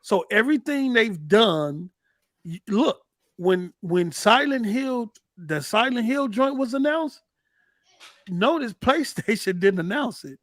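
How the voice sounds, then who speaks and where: A man hosting a casual gaming chat, animated and talking fast, often repeating words as he builds a point. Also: high voice, no echo, studio quality. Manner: animated, rapid, repeats words when excited. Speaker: podcast host.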